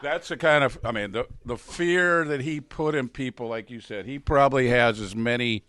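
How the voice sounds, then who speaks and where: An older man tells a lively story, jumping into other people's voices as he quotes them. His pitch is ordinary for a man, and the sound is close and dry, with no room echo. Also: normal speed. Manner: animated anecdote, acts out quoted voices. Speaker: former ballplayer, guest speaker. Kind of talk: storytelling at a live Q&A.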